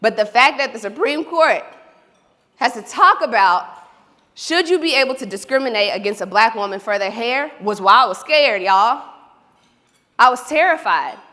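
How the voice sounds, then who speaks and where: Lively woman speaking onstage. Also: a little high, normal speed. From Oklahoma. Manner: animated, storytelling, talks to the audience directly. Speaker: keynote speaker. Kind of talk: motivational keynote speech. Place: large hall. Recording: reverberant event hall.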